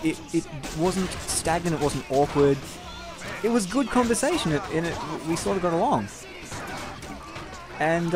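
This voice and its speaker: A young man telling a long, rambling personal story over gameplay, candid and casual with frequent swearing. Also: a little high. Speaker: gameplay commentator.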